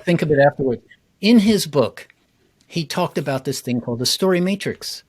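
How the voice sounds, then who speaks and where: Animated male speaking coach. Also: normal speed. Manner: animated, enthusiastic, jumps up in pitch for emphasis. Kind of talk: casual interview chat.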